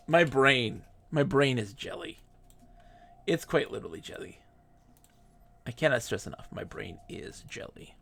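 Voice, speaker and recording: A man streams himself playing a space game and chats casually in a goofy, playful, rambling way, chanting silly repetitions and making self-deprecating asides. His medium-pitched voice is animated, creaky, and a bit bright, a little slow with long pauses.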